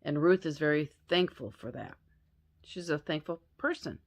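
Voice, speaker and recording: A woman's voice: sits low, expressive, moderate pace. A woman retelling a Bible story as a lesson, chatty and self-correcting, with asides to her listeners.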